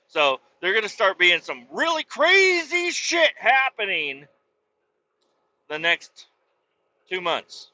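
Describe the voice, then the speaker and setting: A man's voice: high voice, wildly swooping pitch, slow pace, long pauses, bright, forceful tone, muffled recording. A man hosting a podcast, ranting in a rambling comedic way with lots of swearing and filler words. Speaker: podcast host. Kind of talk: comedic political rant.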